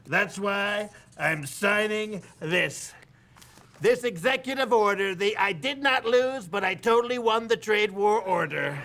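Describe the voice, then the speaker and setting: Brief: a bragging, whiny president in a TV sketch; high voice with a gravelly edge. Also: male voice, a little slow, bright, forceful tone, full character voice. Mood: blustering. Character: boastful, rambling impression of a male US president. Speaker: comedian doing a presidential impression. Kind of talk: televised comedy sketch.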